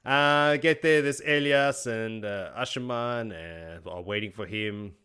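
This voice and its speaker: Low-voiced man recapping a book. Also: pushed and bright, clear, resonant tone. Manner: laughs often, acts out characters' lines in quick paraphrase. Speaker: podcast host. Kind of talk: casual book recap chat.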